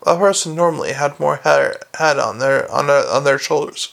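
Gravelly male audiobook narrator. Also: on the high side, normal speed, hardly any pauses. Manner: wry, steady reading with small slips. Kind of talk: reading a novel aloud.

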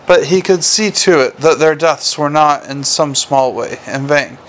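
A man narrates a storybook in a measured, dry voice. His pitch sits a little higher than usual for a man. A faint ambient hiss runs under the recording. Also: a bit bright, rough recording. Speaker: audiobook narrator.

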